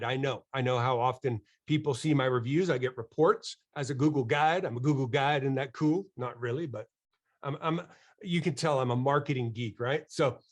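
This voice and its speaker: A man with a slightly high voice presents a marketing webinar to a live audience. He is energetic and enthusiastic, cracking jokes with the crowd and asking people to raise their hands.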